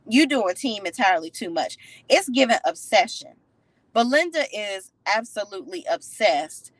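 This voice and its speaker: A woman giving a casual recap of a TV episode, sassy and opinionated, retelling scenes with animated commentary. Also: mid-range voice, dry recording, poor audio. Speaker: TV show recap reviewer.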